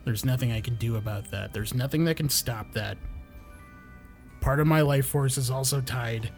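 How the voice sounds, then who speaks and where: A man's voice: mid-range voice, normal speed, faint music behind. A man playing a tabletop role-playing game, earnestly telling a story in character. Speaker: player.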